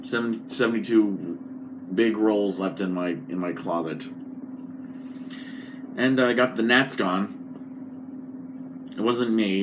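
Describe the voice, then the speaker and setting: A man talking on his own in a casual vlog, rambling from point to point with frequent halts and restarts. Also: sits low. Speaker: vlogger. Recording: noticeable background noise.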